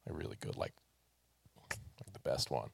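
A man's voice: a bass voice, expressive, normal speed, creaky, husky. A man preaching a sermon to a congregation, casual and joking, asking the listeners to answer and raise hands. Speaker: pastor.

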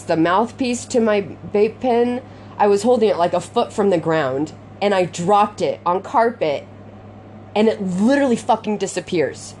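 Young woman, frustrated confessional rant, heavy swearing, rambling with lots of "like", mid-pitched voice, faint background noise. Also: a little mellow. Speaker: podcaster venting to her audience. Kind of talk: unscripted confessional vlog.

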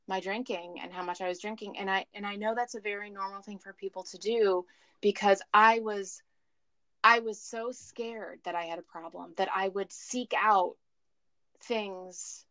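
A woman's voice: medium pitch, fairly bright tone, no room sound. A woman calling in as a guest, telling her personal story in a candid, emotional and rambling way over the phone. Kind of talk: candid recovery story chat. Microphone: phone call.

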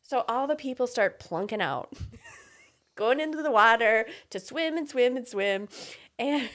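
A middle-aged woman in casual chat, telling a story in a lively way and laughing often. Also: fairly high pitch, unhurried.

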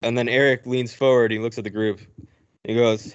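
Man giving a casual, animated movie recap. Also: mid-range voice, moderate pace, clean tone. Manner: animated retelling, acting out characters' lines. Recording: dull lo-fi recording.

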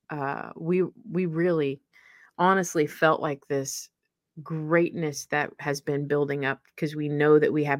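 A low-voiced woman in middle age co-hosting a podcast in casual chat. She talks with animated energy, laughs often and slips into quoted voices. The sound is dry and close. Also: dry recording. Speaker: podcast co-host.

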